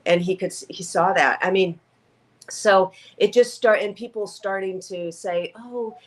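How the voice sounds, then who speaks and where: A woman's voice: medium pitch, fairly even intonation, measured pace. A woman guest in an interview, telling her story with feeling, acting out quoted voices and close to tears. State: tearful. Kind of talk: conversational interview.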